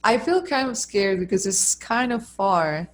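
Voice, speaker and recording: A woman's voice: mid-range voice, lively intonation, measured pace. A friendly woman from Colombia, a native Spanish speaker, chatting in English with a Colombian accent. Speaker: English teacher, guest. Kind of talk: casual conversation.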